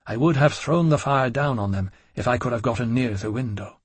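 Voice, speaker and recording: A man narrates a gothic novel in the first person with a measured, dramatic delivery. His voice sits at an ordinary pitch with a husky grain. It sounds close and dry, with no room echo. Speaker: audiobook narrator.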